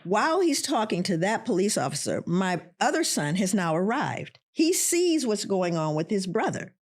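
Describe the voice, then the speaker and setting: A middle-aged woman, an interview guest, telling a personal story in an animated way and voicing the people in it. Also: medium pitch, moderate pace.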